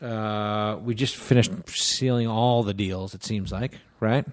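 A man's voice: on the low side, fairly even intonation, slow. A man, a comedian guest, chatting casually in an easygoing, rambling way. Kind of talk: casual chat.

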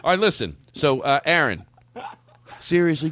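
Animated, joking podcast host man. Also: medium pitch. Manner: animated, joking, quick restarts. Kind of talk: casual comedy chat.

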